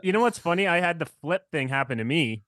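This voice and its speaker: A man's voice: a little high, expressive, fast, fairly bright tone. A Canadian man co-hosting a casual podcast, laughing often and swearing. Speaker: podcast co-host. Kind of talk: casual chat.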